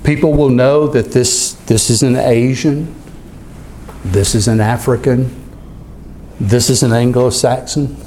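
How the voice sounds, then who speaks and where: A man preaching a sermon as pastor, talking in a measured way and slowing down when he reads scripture aloud. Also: medium pitch, fairly even intonation, mellow, slight background noise.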